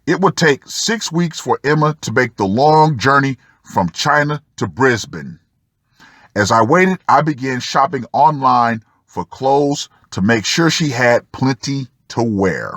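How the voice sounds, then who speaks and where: A man reads a story aloud at an unhurried pace, and his pitch rises and falls in a lively way. He cuts in with dry, sarcastic remarks to the listener. The sound is close and dry. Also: no room sound. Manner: sardonic asides to the listener. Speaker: channel host reading an article. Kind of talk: reading a first-person article aloud with commentary.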